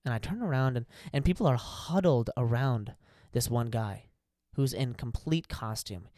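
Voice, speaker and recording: Man, podcast co-host, lively storyteller, acts out quotes, dry close sound. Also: medium pitch, moderate pace, no echo. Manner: animated storyteller acting out quotes. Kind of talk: casual storytelling chat.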